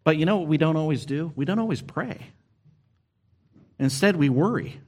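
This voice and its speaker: Pastor, male, mid-pitched, delivering a sermon earnestly with emphatic stresses. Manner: earnest, expressive preaching with emphatic rises and slowed stresses.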